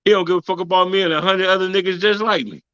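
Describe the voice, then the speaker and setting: Laid-back podcast co-host man, bright voice, dry, dull sound. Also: sits high, fairly even intonation, rapid-fire, clear, resonant tone, dry recording. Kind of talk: casual chat.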